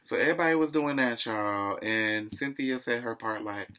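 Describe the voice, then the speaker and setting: A man's voice: medium pitch, moderate pace, bright, forceful tone. Gossipy man recapping reality TV. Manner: chatty and gossipy, keeps saying "child".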